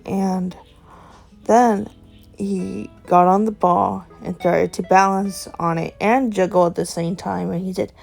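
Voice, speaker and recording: A woman's voice: medium pitch, fairly even intonation, slow, vocal fry, a little mellow, soft background music. A woman telling an improvised story, chaining events together with "and then" in a rambling way.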